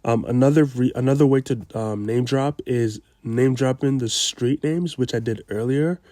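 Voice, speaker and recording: A man explaining a door-to-door sales pitch step by step, in a coaching tone, marking each step with a quick "boom.". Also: warm tone. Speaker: sales trainer. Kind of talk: instructional breakdown of a sales pitch.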